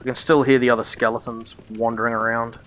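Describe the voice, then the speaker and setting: A man's voice: medium pitch, little pitch movement, quick pace, fairly bright tone. A man streaming a video game, joking to himself and laughing often in casual commentary. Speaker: gaming streamer. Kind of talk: casual let's-play commentary.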